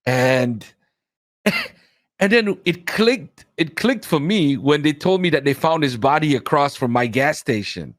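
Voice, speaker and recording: A young man chatting casually out of character, excitable and teasing, with plenty of slang. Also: fairly high pitch, unhurried, dry recording, studio quality.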